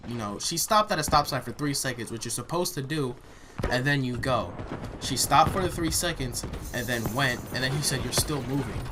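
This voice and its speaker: A young man rants bluntly and swears freely as he recounts a rough day, talking casually at home. His voice sits at an ordinary pitch for a man. A clear hiss of noise runs under the recording. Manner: blunt, heated and profane. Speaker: vlogger. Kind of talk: casual storytime while gaming.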